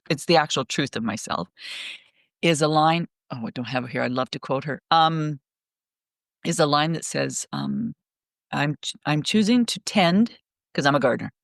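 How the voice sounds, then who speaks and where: Rambling, animated woman on a call. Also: low-pitched, dry recording, clean studio sound. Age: middle-aged. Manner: rambling, animated storytelling with many restarts. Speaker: guest speaker. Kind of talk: casual podcast conversation. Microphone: remote call.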